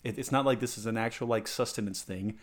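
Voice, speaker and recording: A man's voice: medium pitch, fast talker. A man ranting in casual chat as a podcast co-host, stammering through restarts and mocking people in put-on voices.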